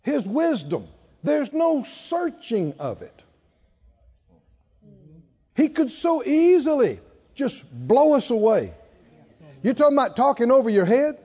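Slow, husky-voiced male preacher in a hall. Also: very high voice, big pitch swings, warm tone. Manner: conversational, laughs often, asks the congregation questions. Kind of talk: sermon. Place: church or conference hall. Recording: dull sound with hall reverb.

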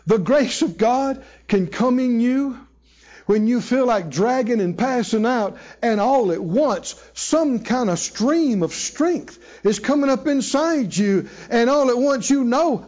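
A man's voice: very high-pitched, lively intonation, takes it slowly, a little mellow, muffled recording. A man preaching a sermon to a live congregation, emphatic and call-and-response, drawing out key phrases and acting out quotes as he tells stories. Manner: storytelling with voiced quotes. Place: church hall with live audience.

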